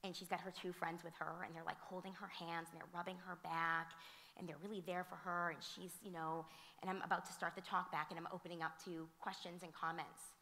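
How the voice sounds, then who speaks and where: Female panelist, bright tense voice, animated storyteller, long reverb from the museum auditorium. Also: fairly low pitch, fairly quick. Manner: animated, frequent fillers and restarts. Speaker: teacher and theater director speaking on a panel. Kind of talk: conversational storytelling at a conference. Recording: reverberant hall sound.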